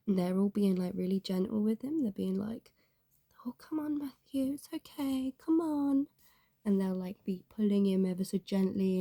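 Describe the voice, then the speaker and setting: A woman's voice: mid-range voice, creaky, warm tone, dry recording, studio quality. A young woman talking in a rambling, candid way, full of fillers, in a casual confessional vlog. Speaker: YouTuber.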